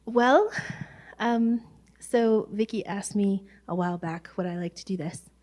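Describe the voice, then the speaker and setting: A woman's voice: mid-range voice, unhurried, a little mellow. Plainspoken woman with a wry way of telling. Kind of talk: personal talk.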